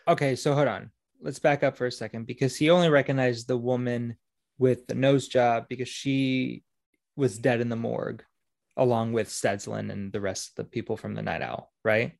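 A man co-hosting a casual chat, joking and relaxed. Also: mid-range voice, moderate pace, vocal fry, no echo, clean studio sound. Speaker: podcast co-host.

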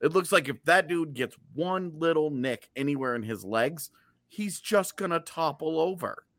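On a podcast, a sarcastic, excitable man co-hosts some casual sports chat. His voice sits a little high and moves at normal speed, recorded with clean studio sound and no room echo.

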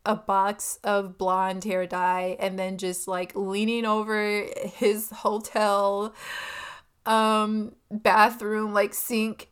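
A woman's voice: medium pitch, little pitch movement, drawn-out words, fairly bright tone, clean tone. A young woman chatting casually about a film, giggling and full of fillers and asides.

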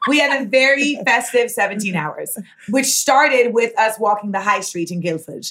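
A woman's voice: a little high, normal speed, echoey room. A woman hosting a podcast, telling stories in casual chat and acting out the voices of people in them. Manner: animated, acts out voices in her stories. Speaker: podcast host.

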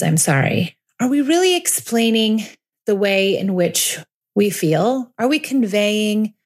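A woman in her forties hosting a parenting podcast, talking earnestly and reflectively, slowing down to stress her points. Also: medium pitch, darkish tone. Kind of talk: reflective solo podcast talk.

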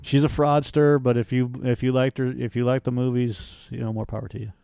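A man co-hosting a casual podcast chat, swearing freely and ranting with animated energy. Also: mid-range voice, fairly quick, gravelly, smooth, no room sound. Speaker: podcast co-host.

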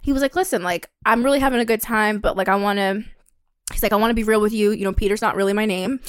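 A young woman casually telling a dating story on a podcast, acting out the voices with lively quotes and the occasional swear. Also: quick pace, clear, resonant tone, dry recording, clean studio sound. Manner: animated, acts out quotes with a higher pitch, swears, laughs.

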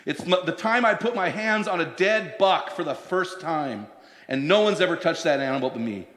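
A pastor in his fifties preaches in a fairly high voice, mixing stories with slow, weighted scripture lines. The sound is roomy, with a long reverb trailing each phrase. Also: expressive, a bit bright. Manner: storytelling, slows down to stress scripture. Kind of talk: sermon. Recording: echoey hall, long reverb.

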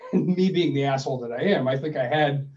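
A man's voice: mid-range voice, normal speed, roomy sound. A man co-hosting a casual money talk, telling stories and acting out both sides of phone calls. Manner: animated storyteller, acts out phone calls. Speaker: podcast co-host giving money advice. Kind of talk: casual chat. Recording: distant mic, dull lo-fi sound.

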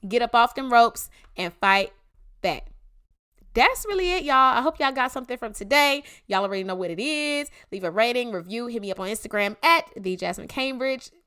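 A woman with a Georgia Southern accent hosts a devotional podcast, speaking in a high, bright voice. She exhorts her listeners emphatically, and her pitch swings widely as she mixes slang with preaching. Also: expressive, moderate pace, clean tone. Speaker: podcast host. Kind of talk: casual devotional podcast talk.

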